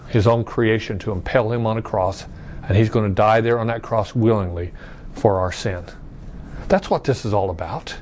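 Teaching a Bible class conversationally, this man reads verses aloud, restarts phrases, asks rhetorical questions, and keeps checking "okay?". His voice is fairly low and a little mellow, on a rough recording with slight hiss or hum.

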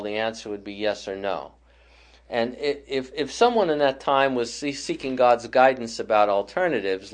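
A man leading a Bible study class, explaining scripture thoughtfully with frequent pauses and restarts. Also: medium pitch.

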